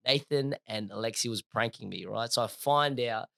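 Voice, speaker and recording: A young adult man, a podcast co-host telling a story in casual, slangy chat, animated and laughing as he goes. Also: mid-range voice, moderate pace, creaky, dry recording, clean studio sound.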